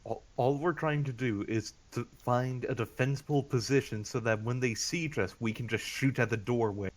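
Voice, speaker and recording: A man's voice: medium pitch, normal speed. A man playing a tabletop game, explaining his moves in a dry, matter-of-fact way. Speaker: player. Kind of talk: casual tabletop play.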